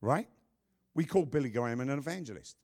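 A man's voice: medium pitch, lively intonation, fairly quick, darkish tone. A male pastor preaching a sermon, emphatic and conversational, breaking off for joking asides to his congregation.

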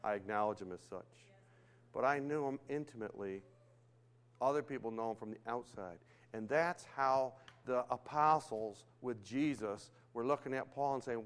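An older man preaching a sermon, telling stories in a lively way that swings from hushed to loud. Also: fairly high pitch, a little slow, clean tone. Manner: animated storytelling, swings between hushed and loud.

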